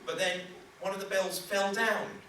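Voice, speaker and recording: A man's voice: high-pitched, fairly even intonation, a little slow. A young man doing live stand-up comedy at a church event. He rambles, loses his thread and jokes about his own slips. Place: large hall at a church event. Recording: very echoey hall from far off with noise.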